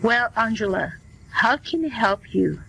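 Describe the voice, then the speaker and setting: A woman's voice: fairly high pitch, lively intonation, creaky, sharp tone, slightly rough, exaggerated voice, poor audio. A woman reading as a kindly family doctor. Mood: reassuring. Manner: slow, plain reading voice. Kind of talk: scripted dialogue for learners.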